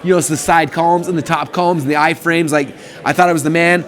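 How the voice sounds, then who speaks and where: A man in his thirties hosting a live stream, telling his story in a casual, eager, excitable way. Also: on the high side. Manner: eager, excitable, talks in rapid bursts.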